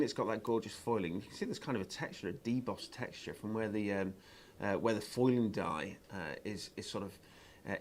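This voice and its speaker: A man presenting craft products on a live shopping show, chatty and enthusiastic, with lots of ums and uhs. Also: lowish voice.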